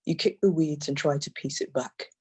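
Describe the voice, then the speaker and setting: A poet reading their own poems aloud in a measured, intense way, often repeating phrases. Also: mid-range voice, breathy edge. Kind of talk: poetry reading.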